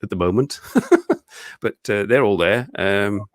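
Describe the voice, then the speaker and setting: Chatty British host, low voice. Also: male voice, animated, unhurried, dry recording, clean studio sound. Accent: British English. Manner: chatty, rambling, laughs often. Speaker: show host. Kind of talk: casual live-stream interview. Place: living room.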